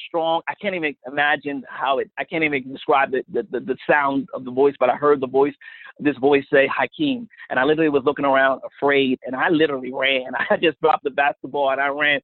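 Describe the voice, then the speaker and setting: A man's voice: medium pitch, flat delivery, fast talker, no echo. A man telling a personal faith testimony as a guest, earnest and storytelling, often repeating words. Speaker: guest minister. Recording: phone-line sound, dry.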